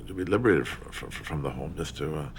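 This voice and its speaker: An older man in a documentary interview, speaking in a halting way, repeating words and trailing off into a whisper. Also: rumbling low, expressive, slight background noise.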